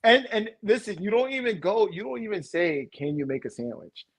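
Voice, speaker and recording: Man, podcast co-host, casual chat, husky, lively up-and-down pitch, frequent laughter. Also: a little fast. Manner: laughs often, acts out quoted voices. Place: home couch.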